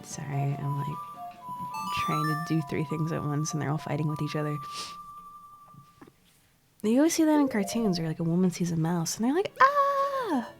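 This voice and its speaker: A young woman with a low, gravelly voice streams a video game at normal speed, leaving long pauses. She chats casually about the gameplay, rambling, giggling and swearing offhandedly while game music plays behind her.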